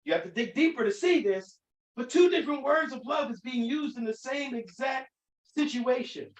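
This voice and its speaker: A man with a high voice teaches scripture emphatically, stumbling and restarting as he goes. He stands back from the mic, and the room rings around him. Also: animated, normal speed, reverberant, far from the mic, low-quality recording. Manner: emphatic, with many restarts and fillers. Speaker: Bible teacher. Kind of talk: teaching sermon.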